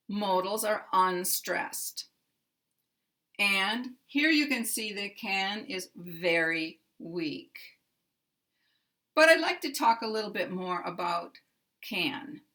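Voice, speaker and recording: An American woman teaching English pronunciation, slowly pronouncing and repeating single words with careful articulation. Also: mid-range voice, pushed and bright. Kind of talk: slow, deliberate pronunciation lesson.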